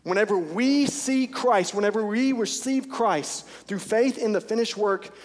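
A man's voice: high voice, unhurried. A male pastor preaching a sermon in a church service, earnest and intense, repeating phrases for emphasis. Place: church sanctuary during a service. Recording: long church hall reverb.

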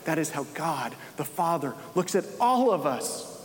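A man's voice: a little high, very animated, unhurried. Earnest preaching man, echoing hall. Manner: earnest, asks many probing questions. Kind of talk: earnest spoken exhortation.

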